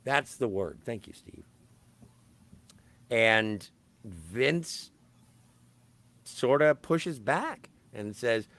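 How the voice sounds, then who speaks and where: A man's voice: medium pitch, extremely slow, pauses often. A man co-hosting a podcast, recapping a film in casual chat and often correcting himself mid-sentence. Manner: animated, self-correcting storyteller. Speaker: podcast co-host.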